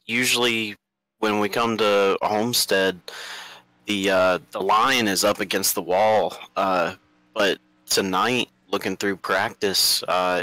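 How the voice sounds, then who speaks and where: A man's voice: lowish voice, sharp tone, smooth, no room sound, poor audio. A man giving race analysis in a rambling, hesitant way, full of fillers. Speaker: racing analyst. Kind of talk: race commentary.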